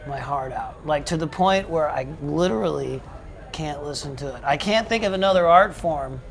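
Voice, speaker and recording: A man's voice: fairly high pitch, normal speed, creaky. A man, a rock singer, telling stories in a casual interview, rambling with restarts and frequent swearing.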